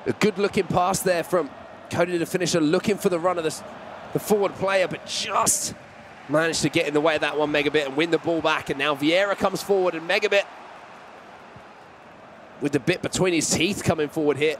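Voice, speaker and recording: A high-voiced man calls an esports football match play by play, lifting his voice with excitement as chances come. Faint noise hums under the recording. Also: brisk. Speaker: esports commentator. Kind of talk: play-by-play commentary.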